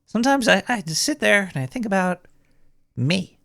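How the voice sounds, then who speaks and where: A man's voice: high-pitched, big pitch swings, normal speed, creaky, pushed and bright, no echo, clean studio sound, full character voice. A man playing a paranoid male cartoon rat who hosts a call-in radio show, rambling with lots of restarts.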